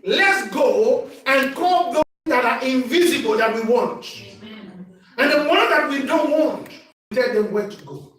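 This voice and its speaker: A man preaching a sermon as bishop, calling for responses from the congregation and rising to shouts. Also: extremely high pitch, expressive, a little slow. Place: church hall. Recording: echoey church sound from far off.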